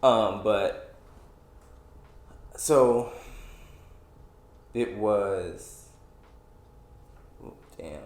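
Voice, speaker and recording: A man's voice: lowish voice, extremely slow, long pauses, darkish tone, reverberant. A man in his twenties hosting a solo podcast, venting in a rambling, frustrated way with many restarts and fillers. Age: 20s. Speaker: podcast host. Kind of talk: casual solo podcast rant.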